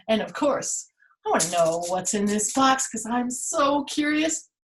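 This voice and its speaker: A woman's voice: a little high, animated, slow pace, slight background noise. A woman playing Pandora, a curious, vain young woman from Greek myth, in a playful, theatrical storytelling manner.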